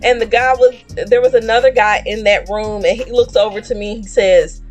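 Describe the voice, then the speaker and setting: A woman streamer casually telling a dream story, animated and laughing as she acts out the people in it. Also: on the high side, brisk, faint music behind.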